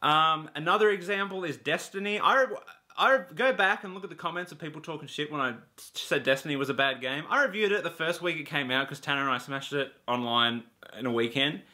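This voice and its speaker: Brief: male games vlogger, casual exasperated rant, bright forceful voice pitched a little high. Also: a little fast. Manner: blunt, swearing, exasperated ranting. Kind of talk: casual ranting monologue to camera.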